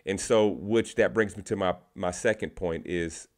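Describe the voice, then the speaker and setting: A man's voice: deep voice, normal speed. A man talking casually to camera, sharing tips from his sales calls and often repeating words as he goes. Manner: conversational, repeats words, restarts phrases.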